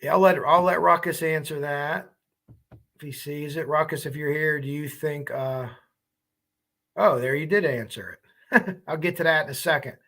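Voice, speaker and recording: A man's voice: on the high side, normal speed, long pauses, bright, forceful tone. A man hosting a true crime livestream, chatting casually and rambling as he reacts to viewer comments.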